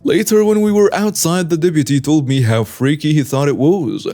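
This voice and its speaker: A man's voice: fairly high pitch, normal speed, dark tone. Man narrating stories over faint music. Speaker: story channel narrator. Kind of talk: scripted narration of online stories.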